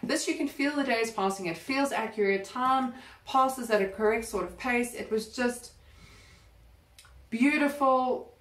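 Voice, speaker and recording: A woman's voice: fairly high pitch, a little slow, a bit bright, recorded from a distance. A woman chatting casually about books she has read, enthusiastic and rambling, often restarting her sentences. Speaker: book vlogger. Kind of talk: casual book review chat. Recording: roomy sound, voice a bit off-mic.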